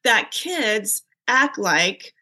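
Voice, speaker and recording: A middle-aged woman talking as a podcast guest, animated and storytelling, with a bright, forceful tone. She slips into acted-out dialogue as she recalls parenting moments, at an ordinary middle pitch. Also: very slow. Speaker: guest, mother of the host; parent who also coached youth sports. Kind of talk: casual podcast conversation.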